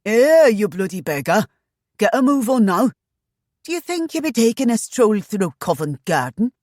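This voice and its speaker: A woman doing a bellowing rough guard. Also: mid-range voice, very animated, moderate pace, darkish tone, dry recording, clean studio sound, voice pushed up. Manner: bellowing, coarse. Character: rough, brutish male guard.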